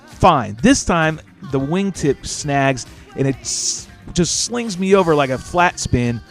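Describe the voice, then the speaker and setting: A man's voice: a little high, expressive, slow, soft background music. A man hosting a casual live show, telling stories animatedly and swearing freely. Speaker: show host.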